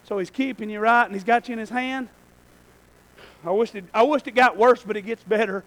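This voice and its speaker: A male pastor preaching a sermon in a church, swinging between shouted lines and quiet asides. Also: high voice, a little fast, poor audio.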